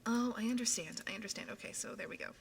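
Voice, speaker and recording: A woman streaming ASMR into a binaural mic, chatting softly, often whispering and giggling as she reads out questions. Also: fairly high pitch, very fast, creaky, in a large hall, a little hiss or hum. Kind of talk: soft whispered stream chat. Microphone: binaural microphone.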